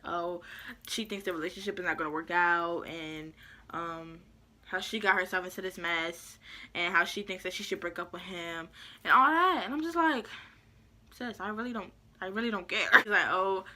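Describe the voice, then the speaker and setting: Young woman vlogger, bright crisp voice, slangy and animated, laughs a lot telling her story. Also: mid-range voice, normal speed. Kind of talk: casual storytime.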